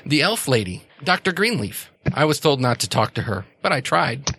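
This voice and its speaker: A man voicing a little girl who hosts an ancient female spirit, talking in a calm, childlike, matter-of-fact way. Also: medium pitch, moderate pace, creaky, slightly rough, no room sound, studio quality, heavily acted. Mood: plain, candid.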